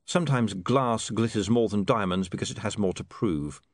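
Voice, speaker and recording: A man's voice: fairly low pitch, normal speed, no echo. A man narrating an audiobook in a dry, wry manner. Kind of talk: scripted narration.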